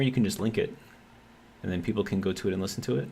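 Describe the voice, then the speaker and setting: A man's voice: fairly low pitch, racing, vocal fry, a little mellow. A man streaming a game live, talking casually and reading chat messages aloud, in an easygoing, hesitant way with lots of ums and self-corrections.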